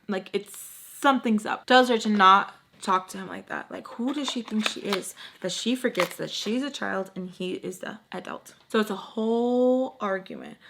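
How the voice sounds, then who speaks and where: A young woman telling a personal story in casual vlog style, acting out the quotes of the people in it. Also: mid-range voice. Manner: animated, acts out quotes with many "like" fillers. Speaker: storytime vlogger.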